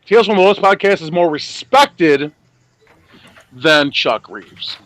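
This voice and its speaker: A man's voice: on the high side, lively intonation, slow, a bit bright. A man co-hosting a casual podcast, talking in a brash, profane way and repeating himself. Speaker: podcast co-host.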